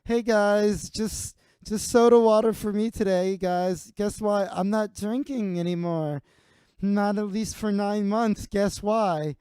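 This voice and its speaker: A man playing an uptight, pregnant young woman at a bar, talking in a whiny, high, sing-song way. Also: steady tone, slow, mellow, clear, resonant tone, no room sound. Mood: chirpy smug.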